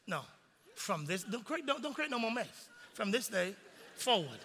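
A male pastor preaching a sermon in a large church, animated and calling on the congregation to respond. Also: sits high, moderate pace. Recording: long reverb in a large sanctuary.

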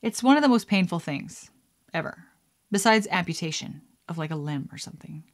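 A woman's voice: fairly low pitch, lively intonation, brisk. A woman vlogger chatting casually while powdering her face, rambling with laughs and whispered asides. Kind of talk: casual chat while doing makeup.

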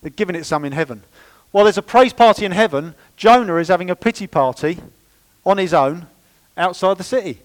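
Lively man preaching. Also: sits high, a little fast, rough recording. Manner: lively, conversational preaching with playful asides. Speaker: pastor. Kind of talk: sermon. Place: church.

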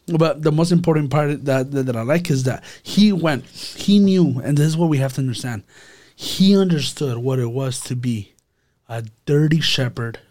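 A man co-hosting a casual faith discussion, earnest and animated, quick to apologize when he cuts in. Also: mid-range voice.

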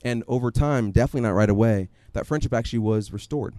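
A man preaching a sermon in a conversational, animated storytelling way, often acting out his own asides. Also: medium pitch, quick pace, no echo. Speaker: pastor.

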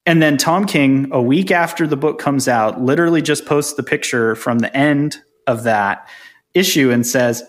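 A man co-hosting a casual podcast chat, explaining things briskly and chuckling often. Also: mid-range voice. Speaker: podcast co-host.

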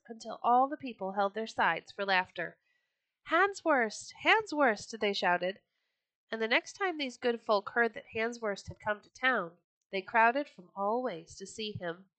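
A woman reading old children's stories aloud for a podcast, gentle and expressive. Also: medium pitch, no room sound, low-quality recording. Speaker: storyteller. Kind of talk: storybook read-aloud podcast.

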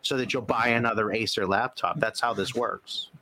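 Guy cohosting a podcast, lowish voice, joking in a deadpan mock-serious way. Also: moderate pace, noisy background. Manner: dry, teasing, mock-serious. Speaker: podcast co-host. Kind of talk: casual chat.

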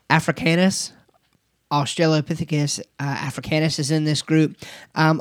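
A man's voice: on the high side, dry recording. Man lecturing with many fillers, dry sound. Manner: conversational, with fillers and occasional laughs. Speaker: teacher. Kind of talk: recorded lecture.

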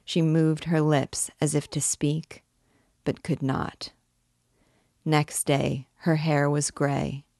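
A woman reading a classic novel aloud with a low, gravelly voice at an unhurried pace. She tells the story in a measured, dramatic way, recorded close and dry. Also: level tone, dark tone, no room sound. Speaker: book reader and guide. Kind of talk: scripted narration of a novel.

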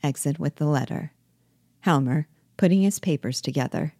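A woman reading a play aloud as its guide, giving the stage directions in a clear, even voice. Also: deep voice, normal speed, no echo, clean studio sound. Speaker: reader and guide.

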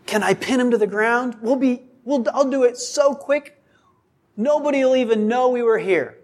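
A man voicing an eager soldier who whispers hurried offers to finish off a sleeping enemy. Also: very high-pitched, a little mellow, voice pushed up. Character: eager soldier urging a quick kill.

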